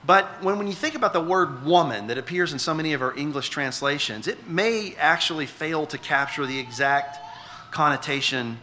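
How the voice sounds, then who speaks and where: Man, middle-aged pastor, high-ish and very bright voice, talks the congregation through a passage. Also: normal speed, slight background noise. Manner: conversational, repeats words when restarting; asks the congregation questions. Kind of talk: sermon.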